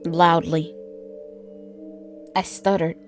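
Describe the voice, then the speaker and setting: A woman narrating a first-person horror story in a measured, deliberate way. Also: fairly low pitch, level tone, faint music behind.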